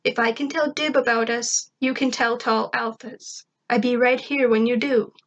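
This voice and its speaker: A woman's voice: fairly high pitch, fairly even intonation, moderate pace, highs cut off, slight background noise, close to an everyday voice. A woman voicing a devoted, feisty young female wolf creature who speaks in simple broken grammar, in an amateur story reading. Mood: reassuring.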